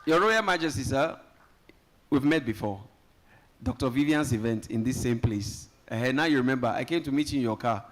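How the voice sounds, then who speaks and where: A man's voice: mid-range voice, moderate pace. A Nigerian man hosting a live summit, joking with guests and rallying the audience from a conference hall. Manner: lively, joking, rallies the audience. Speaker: event host. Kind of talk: live event emceeing.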